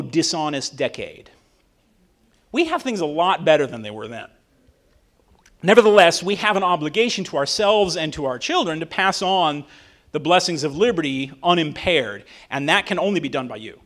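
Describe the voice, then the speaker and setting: Animated man giving a speech. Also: high-pitched. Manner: animated, often asks "right?". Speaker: attorney and author giving a talk. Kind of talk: public speech to a dinner audience.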